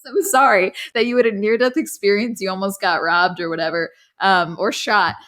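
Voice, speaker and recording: A young woman hosting a casual podcast, excitable and high strung, often laughing as she reads listener stories. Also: normal speed, low-quality recording. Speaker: podcast host.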